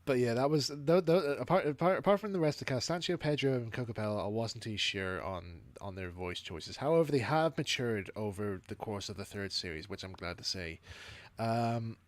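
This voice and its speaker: A man hosting a casual review chat, animated and laughing often as he acts out lines. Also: medium pitch, brisk, hardly any pauses, no echo. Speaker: podcast host reviewing an animated series.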